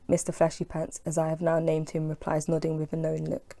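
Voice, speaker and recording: Woman, author reading her novel, relaxed, conversational, slightly low pitch, dark mellow tone. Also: fast talker, gravelly. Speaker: author and audiobook reader.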